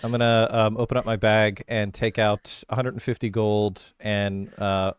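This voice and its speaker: A man playing a tabletop game, chattily describing what his character does. His low, smooth voice is recorded close and dry. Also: level tone, normal speed, no room sound. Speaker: player. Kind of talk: tabletop game narration of own actions.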